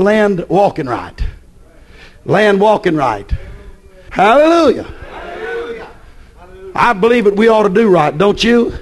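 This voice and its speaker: A man preaching a fiery evening church sermon in a chanted, repetitive way with sudden shouted peaks. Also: high voice.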